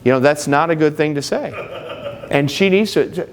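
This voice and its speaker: A man's voice: on the high side, normal speed, a little hiss or hum. A middle-aged man speaking live to an audience at a marriage seminar, conversational and joking, full of personal anecdotes.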